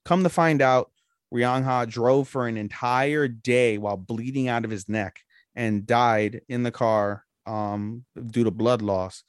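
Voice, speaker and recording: A man's voice: mid-range voice, steady tone, a little slow, clean tone, no room sound, clean studio sound. A man co-hosting a podcast, chatting casually and rambling through a plot recap with loose, profane talk. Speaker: podcast co-host. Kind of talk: casual anime review chat.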